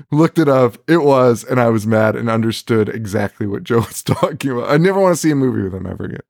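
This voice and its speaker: A man's voice: mid-range voice, animated, quick pace, creaky, a little mellow, dry recording, clean studio sound. A man co-hosting a horror movie podcast in casual chat, laughing often and swearing as he rants. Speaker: podcast co-host.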